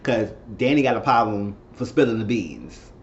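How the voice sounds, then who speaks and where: A man's voice: on the low side, animated, normal speed, highs cut off. A man casually recapping and commenting on a TV episode, rambling and repeating himself as he retells it. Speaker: TV episode reviewer.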